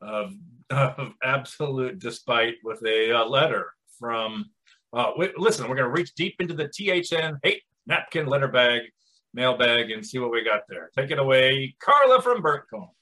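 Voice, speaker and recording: A man doing a bombastic Russian podcast host in broken English with a thick put-on accent that slides toward French, shouting his announcements. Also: mid-range voice, expressive, normal speed. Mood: announcing.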